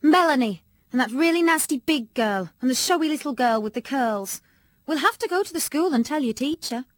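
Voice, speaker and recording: A woman's voice: high voice, lively intonation, a little fast, dry recording, voice pushed up. Woman playing a fussing mum. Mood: worried insistent. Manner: fussing, emphatic, worried. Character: anxious, doting middle-aged British mother.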